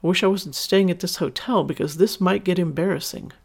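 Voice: mid-range voice, brisk, creaky, breathy edge. Casual storyteller reading aloud. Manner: casual, chatty asides. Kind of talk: erotic story narration with commentary.

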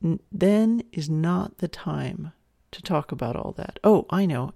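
A woman's voice: low voice, expressive, unhurried, gravelly, hardly any pauses, warm tone, no echo, clean studio sound. A woman in her forties hosting a solo podcast, talking frankly and chattily as she gives instructions. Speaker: podcast host. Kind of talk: candid solo podcast talk.

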